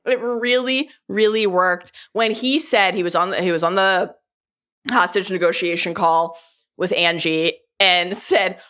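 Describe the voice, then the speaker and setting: A woman's voice: fairly low pitch, steady tone, measured pace, a bit bright, clean tone. A woman co-hosting a casual pop-culture podcast, gushing and laughing often as she talks. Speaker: podcast co-host.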